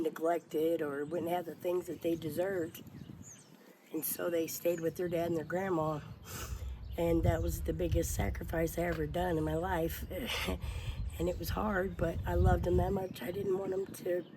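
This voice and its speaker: A woman in her forties telling her life story in an interview, halting and emotional, with many fillers and restarts. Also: low voice. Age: 40s. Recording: noisy outdoor background.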